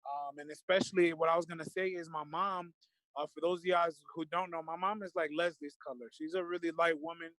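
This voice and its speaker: A man talks with a high voice, earnest and openly emotional, with loose fillers and restarts. The sound is dry and close, with no room around it. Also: steady tone, brisk, a bit bright, no room sound, rough recording. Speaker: guest. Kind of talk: casual discussion.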